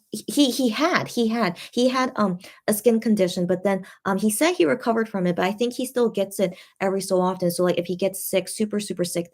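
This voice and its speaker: A woman's voice: medium pitch, darkish tone. Woman chatting on a fan livestream. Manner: halting, many restarts and fillers, comforting tone; reads out viewer comments and answers them. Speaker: livestream host reading fan chat. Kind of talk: casual livestream chat.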